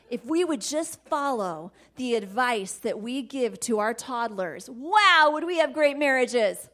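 Animated woman teaching on marriage. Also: on the high side, a little slow, hardly any pauses. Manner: animated, laughing, dropping to soft asides. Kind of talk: faith-based teaching talk.

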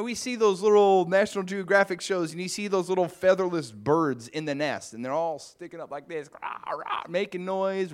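A man preaching a conversational sermon, musing aloud with asides to the congregation. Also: high-pitched. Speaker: pastor.

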